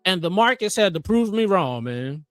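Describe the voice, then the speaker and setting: High, lively man talking trades. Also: normal speed, no echo, clean studio sound, faint music behind. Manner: animated, joking, motivational. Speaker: trading livestream host. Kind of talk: casual chat while live trading.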